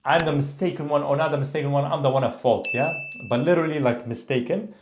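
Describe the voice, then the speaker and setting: A man giving a language lesson, explaining phrases in a relaxed way and checking in often with the viewer. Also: fairly high pitch, fast talker, noisy background. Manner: relaxed explaining, repeating phrases, frequent "okay?" and "tamam?". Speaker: Arabic teacher. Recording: echoey room.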